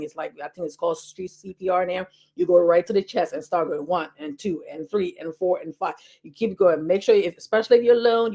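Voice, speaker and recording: A woman health educator talking fast and casually to camera, repeating key points with lots of fillers. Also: lowish voice, a little mellow. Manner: talks fast.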